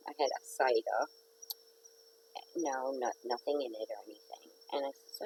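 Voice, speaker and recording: A woman's voice: extremely low pitch, normal speed, long pauses, dark tone, slight background noise, low-quality recording. A middle-aged woman hosting a casual live stream from home, chatting and rambling to viewers and greeting commenters by name. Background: neighbor's dog barking.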